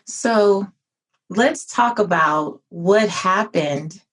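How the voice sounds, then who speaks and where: A woman's voice: medium pitch, drawn-out words. A woman hosting a podcast interview who keeps the guest going with encouraging interjections. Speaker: podcast host and business coach.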